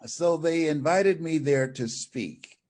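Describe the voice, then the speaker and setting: An older man, a motivational speaker, appears as an interview guest and tells stories, acting out the dialogue with animation. His voice is fairly high-pitched and his pace slow.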